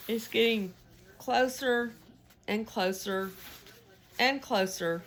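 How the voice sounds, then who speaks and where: A mid-range, gravelly voice with a fairly bright tone comes through alongside a little hiss or hum. She's a Southern-accented US knitting vlogger, chatting casually and folksily with viewers while knitting, rambling as she goes.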